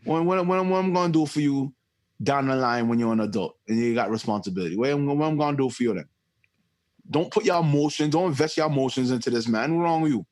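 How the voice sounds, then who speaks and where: A man's voice: medium pitch, lively intonation, quick pace, a little mellow, natural voice. A man imitating his stern father scolding him as a crying boy, exasperated and stumbling over repeated words.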